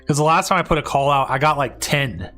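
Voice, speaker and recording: A man's voice: on the high side, lively intonation, quick pace, sharp tone, faint music behind. A man hosting and casting a live tournament stream, talking casually and rambling with many restarts and fillers. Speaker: tournament stream host and caster.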